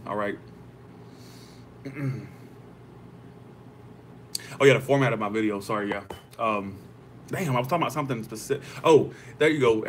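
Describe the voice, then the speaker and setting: A young man hosts a tarot livestream in a loose, rambling way, often doubling back mid-sentence and swearing casually. His voice sits on the low side. A faint hiss runs under the recording.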